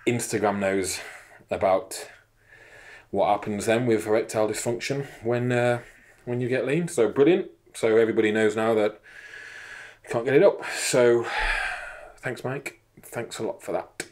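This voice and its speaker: A man in his thirties co-hosting a laid-back fitness chat. He rambles, swears freely and pokes fun at himself. His voice sits a touch low. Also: moderate pace, darkish tone. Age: 30s. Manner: rambling, sweary, self-mocking. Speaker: podcast co-host. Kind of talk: casual banter.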